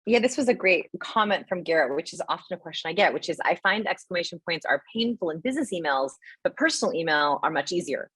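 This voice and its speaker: A young adult woman answering webinar questions as a guest expert, animated and explanatory, often checking in with "right?". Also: fairly low pitch, slightly rough, no echo. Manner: animated, explains with quick asides and rhetorical "right?". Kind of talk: live webinar Q&A.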